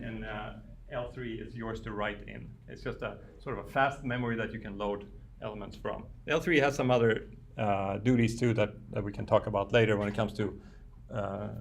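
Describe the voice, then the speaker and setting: A man's voice: lowish voice, moderate pace, a little hiss or hum. A man giving a university lecture, thinking aloud with frequent fillers and restarts. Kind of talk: classroom lecture. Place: lecture room.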